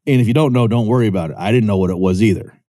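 Talking at a racing clip in a mellow voice, a man delivers a chatty economics lecture in clean studio sound free of room sound. He checks in with a rhetorical "right?" and acts out quoted voices with a lifted pitch.

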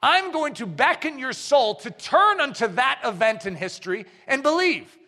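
A male pastor preaching a sermon in a church, speaking emphatically and building at times to shouted declarations. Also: very high-pitched, sing-song, normal speed. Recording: long hall reverb.

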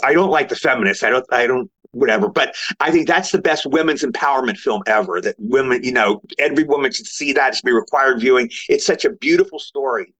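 Here the older actor, a guest, talks at a medium pitch and a quick clip with almost no pauses, telling stories conversationally. He animatedly performs others' words in a raised voice, and the remote recording is lo-fi.

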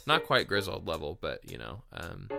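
A man's voice: sits low, huge pitch swings, moderate pace, gravelly, music in the background. A young adult man with a Texan accent, a guest singer-songwriter chatting in an easygoing way in an interview. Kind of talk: casual interview chat.

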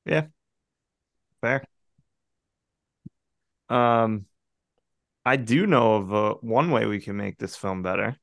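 A man's voice: on the low side, takes it slowly, vocal fry, long pauses, a bit bright, dry recording. A man hosting a casual movie podcast, laid-back with crude jokes. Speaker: podcast host. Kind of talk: casual chat.

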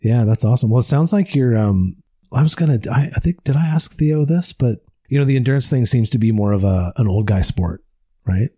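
A man's voice: mid-range voice, fairly quick, dark tone, husky, no room sound. A man chatting casually over a video call about endurance cycling, rambling and stammering, often laughing. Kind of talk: casual chat.

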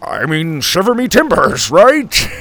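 Man doing a bumbling old grandpa trying pirate talk for a kids' story, lifts high, all over the place. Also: very animated, takes it slowly, fairly bright tone, exaggerated voice. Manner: bumbling, overdone pirate slang. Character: flustered older man faking pirate talk.

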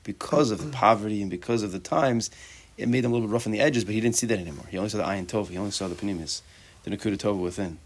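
Talking very fast with few pauses, a man with a somewhat low voice teaches a Torah class in an easygoing, chatty style. Hebrew words slip into his English alongside rhetorical questions and jokey remarks to his students.

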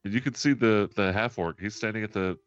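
A man running a tabletop game as game master, narrating in a relaxed, chatty way. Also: on the low side, a little fast. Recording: dull lo-fi stream audio, faint music.

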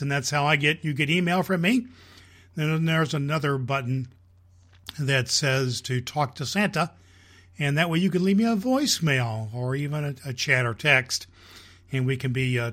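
Jolly slow-talking man as Santa. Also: a little high, bright, forceful tone. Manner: jolly, slow and folksy with filler restarts. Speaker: podcast host playing Santa Claus. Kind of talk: storytelling reading aloud.

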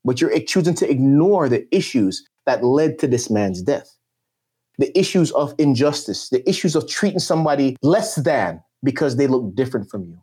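A man's voice: mid-range voice, lively intonation, normal speed, mellow, slightly rough. A man speaking as a podcast guest, telling a personal story in an emotional, emphatic way. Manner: passionate and emphatic, with swinging intonation.

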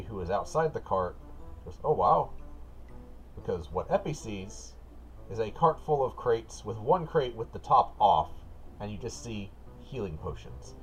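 A man running a tabletop game as game master, setting scenes in a relaxed, patient way. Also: on the low side.

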